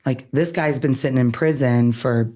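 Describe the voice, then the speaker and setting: A woman's voice: rumbling low, moderate pace. A woman from Iran, an attorney guest on an interview podcast, speaking earnestly and often ending thoughts with "right?". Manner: earnest, animated, says "right?" constantly. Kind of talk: conversational interview.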